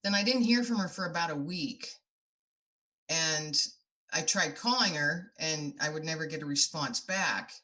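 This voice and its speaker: A woman's voice: deep voice, measured pace, pushed and bright. A middle-aged woman speaking as a podcast guest, telling her stories in an earnest, heartfelt way. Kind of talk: podcast interview.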